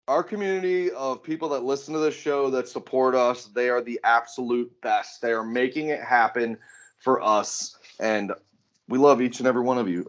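Profane, jokey podcast co-host man. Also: highs cut off. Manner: loose, profane, jokey, mocking high voices for bits. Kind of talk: casual chat.

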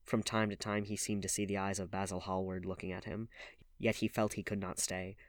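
A male audiobook reader with a low-pitched voice and a measured, even delivery. The sound is dry and close, with no room around it. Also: dry recording. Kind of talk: scripted audiobook narration.

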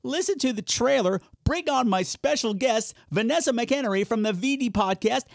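A man hosting a solo podcast, chatting in an animated, campy way, swearing freely and talking to himself. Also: very high voice, normal speed, vocal fry, no room sound, studio quality. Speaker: podcast host. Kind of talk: solo podcast chat, horror recommendations.

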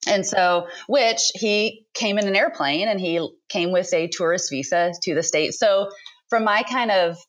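A woman in her thirties, a book author speaking as a podcast guest, talking thoughtfully with frequent pauses. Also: mid-range voice. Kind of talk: conversational interview.

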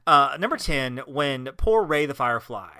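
Male co-host, bright dry close-mic sound, upbeat and gushing. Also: mid-range voice, big pitch swings, normal speed, clear, resonant tone, dry recording. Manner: enthusiastic, gushing. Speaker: podcast co-host. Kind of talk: casual chat.

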